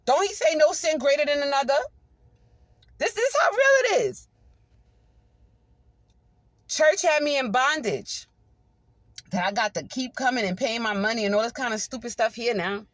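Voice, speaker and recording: Woman, high-ish voice, fervent testimony preacher, dry close sound. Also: fairly quick, dry recording. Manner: fervent, calls out "come on here" often. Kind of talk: testimony sermon.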